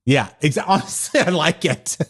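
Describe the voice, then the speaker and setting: A man's voice: fairly high pitch, lively intonation, normal speed, a bit bright. A man co-hosting a podcast in casual chat, with a dry, wry sense of humor. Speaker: podcast co-host.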